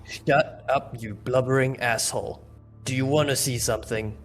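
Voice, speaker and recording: A man voicing a wounded, angry male agent in a tabletop game, speaking slowly and harshly. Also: medium pitch, steady tone, faint music behind, close to an everyday voice. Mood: menacing.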